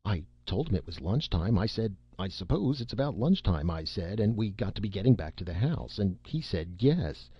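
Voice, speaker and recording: A man's voice: fairly low pitch, sing-song, moderate pace, few pauses, husky, no echo, lo-fi sound. A man voicing an anxious, defensive boy who stammers and hesitates, in an audiobook reading. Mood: evasive.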